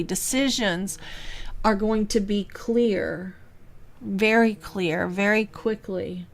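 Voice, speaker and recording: A woman hosting a reflective spiritual podcast, talking in an unhurried, musing way with sighs and soft laughs. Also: mid-range voice. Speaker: podcast host and spiritual teacher.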